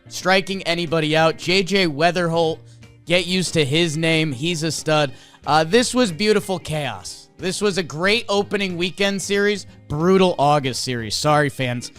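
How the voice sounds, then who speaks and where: A man co-hosting a sports podcast, animated and excitable, with lots of fillers, also reading an ad. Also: a little high, smooth. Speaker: podcast co-host. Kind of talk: energetic sports recap and ad read.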